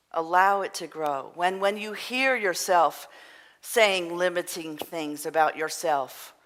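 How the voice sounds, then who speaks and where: A woman minister giving an earnest, gentle sermon, sometimes dropping to a soft, breathy near-whisper. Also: lowish voice. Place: church sanctuary. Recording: long reverb of a hall.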